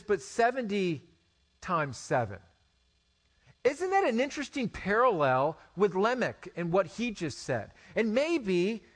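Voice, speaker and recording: A high-pitched pastor in his forties delivers an animated sermon, posing rhetorical questions and stammering into restarts.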